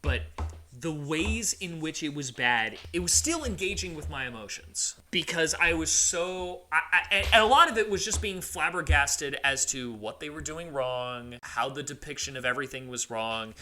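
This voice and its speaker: A man's voice: on the high side, expressive, moderate pace, bright, forceful tone, a little hiss or hum. A man co-hosting a podcast, talking emphatically in a casual, ranting way and often repeating himself. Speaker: podcast co-host.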